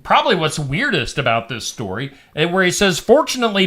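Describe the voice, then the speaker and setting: Bright, lively radio host. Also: male voice, sits high, brisk, few pauses. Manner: jokey, reads stories aloud with asides; barks like a dog for laughs. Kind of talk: casual chat reading odd news.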